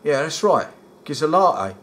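A man voicing a blunt, eager young Geordie addict in rehab, with a Geordie accent. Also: normal speed. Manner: eager and blunt, lively rises in pitch.

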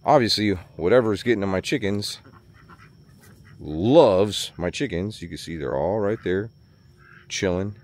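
Low-voiced man vlogging outdoors. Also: animated, measured pace, pauses often. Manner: chatty and worried, thinking out loud. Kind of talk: casual vlog commentary. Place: outdoors on a small farm property.

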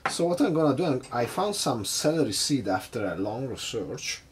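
Lively-voiced man hosting a cocktail vlog. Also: medium pitch, moderate pace, background noise. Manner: chatty, hesitant, nervously self-mocking. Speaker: home bartender host. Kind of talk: casual cocktail-making vlog.

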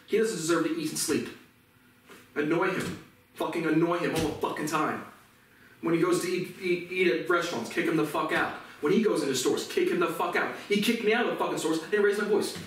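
A man's voice: fairly high pitch, a bit bright. A man ranting to the camera in an indignant, profane, repetitive monologue. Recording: echoey room, voice far from mic, faint noise.

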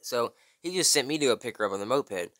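Bright-voiced young man telling a story. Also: quick pace. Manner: slangy, animated, says "bro" often; acts out quotes in high strained voice. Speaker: vlogger. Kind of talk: casual storytelling.

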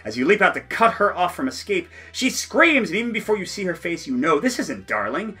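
A man's voice: high-pitched, very animated, a little fast, bright, forceful tone, husky. A man playing through a solo board game, reading the story text aloud and joking between rolls, often laughing.

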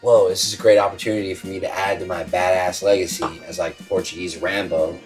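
A man playing a swaggering soldier hero bragging loudly, everyday voice. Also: deep voice, flat delivery, quick pace, soft background music, voice pushed down, natural voice. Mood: boastful. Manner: swaggering, cocky. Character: brash boastful male soldier hero.

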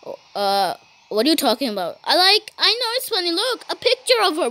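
A woman's voice: very high voice, sing-song, moderate pace, sharp tone, slight background noise. A woman giving playful gameplay commentary, bantering with cartoon characters, giggling and saying "beep" in place of swear words. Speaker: gaming YouTuber.

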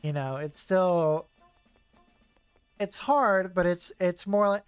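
At a slow pace, a high-voiced young man chats loosely while streaming a video game, filling his rambling with fillers and self-corrections. The tone is clean, there's no room sound, and soft music sits in the background.

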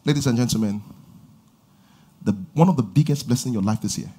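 A middle-aged man preaching a sermon in a church, with animated delivery and sudden loud exhortations. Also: mid-range voice, brisk, slightly rough. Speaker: pastor. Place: church auditorium.

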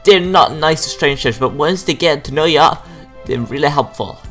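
A young man voicing a gruff townsman with a put-on accent, who gives folksy advice in a gaming video. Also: medium pitch, expressive, normal speed, a bit bright, soft background music. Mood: hearty.

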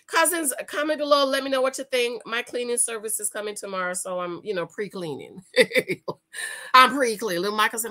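A woman's voice: medium pitch, a little fast, bright, forceful tone, rough recording. A middle-aged woman hosting a commentary vlog, reading news aloud and reacting indignantly while talking straight to her viewers. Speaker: YouTube commentary host.

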